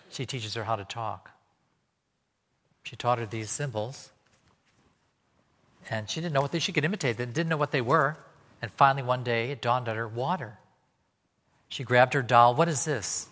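A man preaching from the pulpit with a medium-pitched voice, telling stories and putting on quick voices for the people he quotes. His voice carries a long reverb tail from a large hall. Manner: animated storytelling, acting out quoted voices. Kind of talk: sermon.

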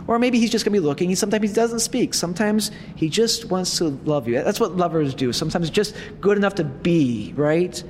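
A man preaching at a retreat in a conversational manner, with warm humor in his asides. His voice sits a little high for a man. The sound carries a long reverb, as in a large hall. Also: expressive, a little fast, hardly any pauses, a little hiss or hum. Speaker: priest. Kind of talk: retreat talk.

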